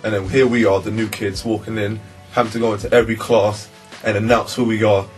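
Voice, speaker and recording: A young man with a London accent telling a story in a relaxed, slangy way. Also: lowish voice, fairly quick, soft background music. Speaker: interviewee. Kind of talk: casual storytelling.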